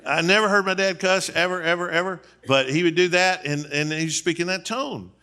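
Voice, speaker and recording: A man's voice: sits high, fairly quick, pushed and bright, smooth. A middle-aged man, a seminary dean, giving a conversational sermon on marriage in a folksy, emphatic way full of rhetorical questions. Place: church.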